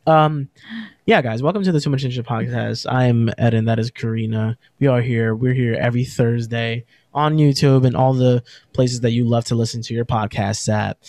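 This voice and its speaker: A young man co-hosting a podcast, chatting casually with jokes, swearing and animated storytelling into a podcast mic. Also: medium pitch, moderate pace, dry recording, clean studio sound. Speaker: podcast co-host. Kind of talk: casual chat. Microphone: podcast microphone.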